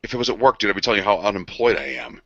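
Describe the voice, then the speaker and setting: A young man cohosting a podcast chats quickly, and his voice sounds bright and forceful. He tells stories with a lot of energy and swears casually. The recording is dull and lo-fi. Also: fairly low pitch, no room sound. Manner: animated storytelling, swears freely. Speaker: podcast co-host. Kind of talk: casual banter.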